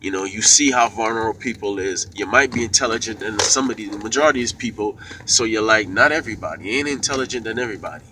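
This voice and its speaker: A man's voice: on the low side, fast, hardly any pauses, distant mic, noisy background. A man giving a blunt, profane and rambling opinion monologue to camera, with many fillers and asides. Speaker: YouTuber giving commentary.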